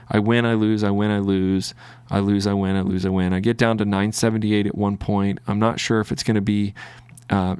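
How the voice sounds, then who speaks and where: Man, Southern US accent, lowish voice, rambling casual commentary, lots of ums, dry close recording. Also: clear, resonant tone, no echo. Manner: rambling, self-narrating with many fillers. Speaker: trading video host.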